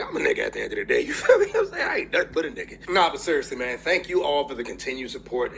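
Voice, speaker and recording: A young man giving a casual movie review on his channel, telling it in an excitable, profane way with lots of laughing, and tearful as he fights back crying. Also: mid-range voice, slight background noise.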